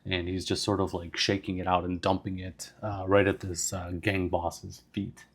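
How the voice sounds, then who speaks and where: Man, solo tabletop narration, casual and rambling, deep voice, husky. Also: level tone, moderate pace. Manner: casual, meandering, full of fillers. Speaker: solo game player and narrator.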